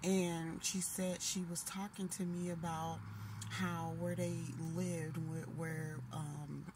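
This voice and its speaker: A woman in her late thirties telling a long dream story in a casual, animated way, full of restarts. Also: on the low side, slow pace. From Minnesota. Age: 30s. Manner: animated, emotional retelling with restarts. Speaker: vlogger. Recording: noisy background hiss.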